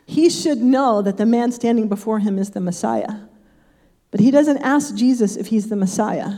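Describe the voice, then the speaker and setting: A woman's voice: a little high, moderate pace, warm tone. An older woman giving a casual Bible teaching, chatty and full of personal asides.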